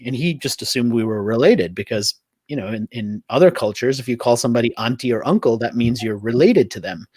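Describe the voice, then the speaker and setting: A middle-aged man, a podcast guest telling stories in a loose, animated way, leaning on "like" and "I mean". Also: mid-range voice, no room sound. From United States. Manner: animated storytelling, frequent "like" and "I mean". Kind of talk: conversational interview.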